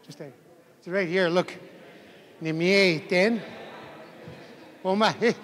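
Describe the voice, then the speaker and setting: A man's voice: high voice, slow, a bit bright. A man teaching a language class who leads a group through a spoken drill, chuckles often and keeps urging them to speak up. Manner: encouraging, chuckling, calls for more volume. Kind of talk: leading a group drill of a greeting. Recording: long hall reverb.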